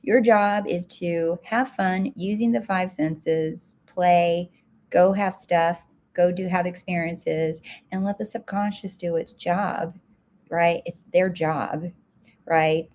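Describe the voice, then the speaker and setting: Woman, success coach, live viewer Q&A, slightly low pitch, direct, emphatic, repetitive. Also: steady tone, takes it slowly, a little mellow. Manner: direct, emphatic, repeats key points.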